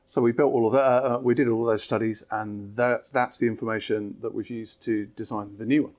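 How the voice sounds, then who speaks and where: A man, an app developer, calmly explaining new features in an interview. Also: on the low side, brisk. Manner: steady, explanatory, with fillers.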